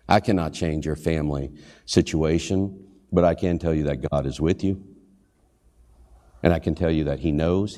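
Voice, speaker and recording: With a low, darkish voice echoing through a church sanctuary's long reverb, a pastor and hospital chaplain delivers an earnest sermon. He asks his listeners questions and briefly dramatizes the lines he quotes.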